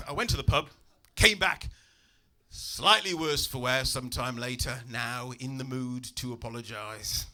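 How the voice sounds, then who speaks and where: A man performing a stand-up comedy routine in a club, animated and acting out voices. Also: unhurried. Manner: animated, acts out voices with big pitch jumps. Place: comedy club stage with audience.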